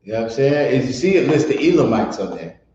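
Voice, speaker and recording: A man's voice: mid-range voice, big pitch swings, fast, dark tone, a little hiss or hum. Blunt, profane man teaching. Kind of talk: casual spoken class. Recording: echoey room, dull lo-fi sound.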